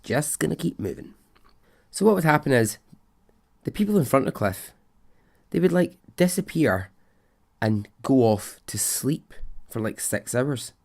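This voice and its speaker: A man hosting a podcast, telling a story in a chatty, animated way and laughing at his own tale. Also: mid-range voice, unhurried, creaky, pauses often. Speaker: podcast host. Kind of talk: casual storytelling.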